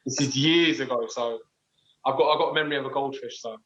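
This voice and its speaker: A man in his twenties, a footballer, answering interview questions in a relaxed, modest, hesitant way. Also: mid-range voice, quick pace, lo-fi sound, slight background noise. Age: 20s. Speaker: professional footballer.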